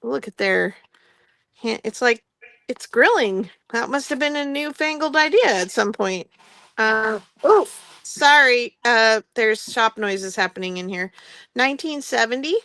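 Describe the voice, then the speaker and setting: Woman host for a live sale, slow unhurried talk, gravelly edge, bit of a higher voice, laughs a lot. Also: expressive, bright, forceful tone, no room sound. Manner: chatty, laughs often, trails off and restarts. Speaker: host running a live craft-supply sale. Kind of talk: casual live sale chat. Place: indoor shop with construction noise nearby.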